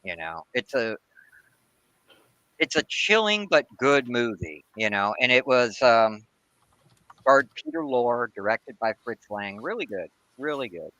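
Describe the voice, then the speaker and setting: An enthusiastic man from the United States chatting casually, full of "man" and "dude". His voice is bright and lively in pitch. The sound is dry and close. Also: unhurried, no room sound, low-quality recording. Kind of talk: casual chat.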